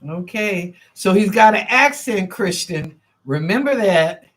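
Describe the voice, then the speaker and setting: A woman hosts a live psychic reading show and answers viewers' questions one by one. She talks slowly and casually, thinks out loud and repeats herself as the answers come to her. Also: mid-range voice, animated. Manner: chatty and informal, thinks aloud, repeats phrases. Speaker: psychic reader and show host.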